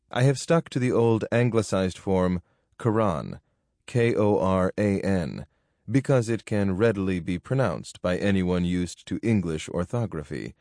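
Male narrator, lowish voice, dry close studio sound, formal measured audiobook reading. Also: darkish tone, no room sound. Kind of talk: scripted narration of a nonfiction book.

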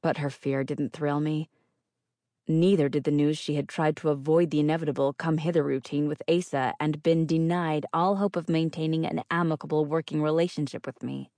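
A woman's voice: low voice, fairly even intonation, brisk, mellow, no room sound. A woman narrating first-person fiction as an audiobook reader, with a wry, dry delivery.

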